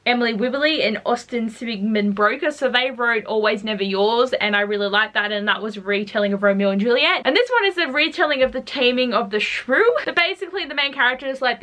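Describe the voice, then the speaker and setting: A woman's voice: a little high, bright, forceful tone. A young woman chatting casually and gushing about her new books as a book vlogger. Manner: bubbly, gushing, fast asides. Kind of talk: casual book haul chat.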